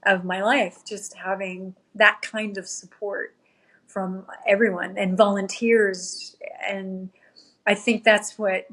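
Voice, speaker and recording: A woman's voice: mid-range voice, level tone, slow pace, fairly bright tone. Earnest woman recounting an emotional race finish. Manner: earnest, tearful at times, quotes herself. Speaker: podcast guest, ultrarunner. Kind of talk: emotional storytelling.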